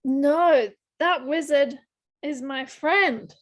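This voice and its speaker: A woman's voice: sits high, drawn-out words. A woman playing a casual tabletop game, speaking hesitantly. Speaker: player.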